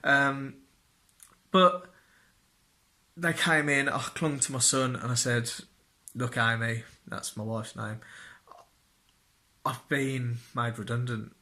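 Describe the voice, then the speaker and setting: A man's voice: mid-range voice, fairly even intonation, slow pace, pauses often, pushed and bright. A young man telling a personal story to camera, self-deprecating and jokey, acting out what people said in raised voices. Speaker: vlogger.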